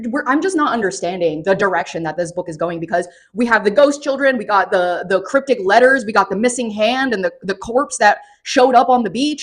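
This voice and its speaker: Sarcastic, swearing woman reviewing a book. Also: on the high side. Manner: profane, animated, sarcastic recapping. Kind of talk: casual spoken book review.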